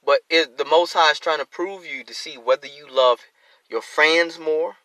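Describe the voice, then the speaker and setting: A man teaching scripture on a live stream, reading verses then explaining them in plain, animated talk with features, acting out the excuses people make. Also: fairly high pitch, normal speed, no room sound, poor audio. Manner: repeats and restarts phrases. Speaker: teacher of a religious group.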